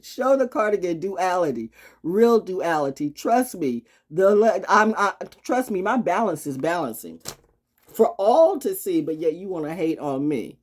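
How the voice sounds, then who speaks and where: A husky woman with a low voice delivers a blunt, profane vlog rant. Her pitch swings widely between low asides and high, forceful bursts. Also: big pitch swings, unhurried. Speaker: astrology vlogger. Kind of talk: unscripted monologue. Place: outdoors. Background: birds.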